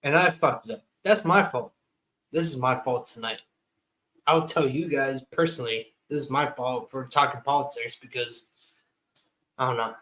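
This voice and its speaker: A man's voice: medium pitch, moderate pace, pushed and bright, rough recording. Drunk man in his twenties ranting. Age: 20s. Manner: heated, profane ranting. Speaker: guest on a livestream. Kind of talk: casual live chat.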